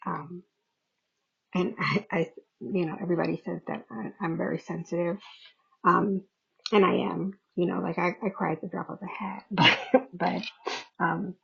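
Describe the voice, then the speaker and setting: A woman's voice: on the low side, steady tone, moderate pace, vocal fry, pauses often, fairly bright tone, husky. A middle-aged woman hosting a podcast, talking candidly about her own feelings, often laughing and swearing casually. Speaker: podcast host. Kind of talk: candid personal talk. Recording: dull lo-fi recording.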